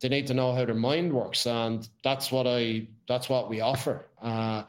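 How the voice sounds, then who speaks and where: An Irish man talks through his past in a loose, casual storytelling way, blunt and full of swearing. His voice sits at an ordinary middle pitch for a man. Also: steady tone, a little slow. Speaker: podcast guest.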